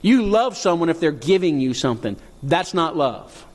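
A male pastor preaching a sermon, reading scripture and rising to impassioned high cries. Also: very animated, normal speed. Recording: long hall reverb.

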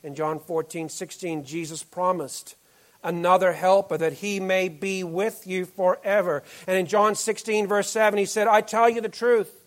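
A male pastor giving an earnest sermon to a congregation, often dropping to soft, low tones on key phrases. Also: steady tone, moderate pace.

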